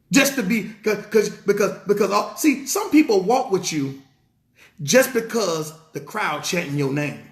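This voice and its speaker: A pastor preaching with an emphatic, repetitive cadence, his pitch rising and falling dramatically. His voice is high for a man, with a gravelly rasp. The sound bounces around an echoey room. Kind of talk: sermon. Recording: roomy echo.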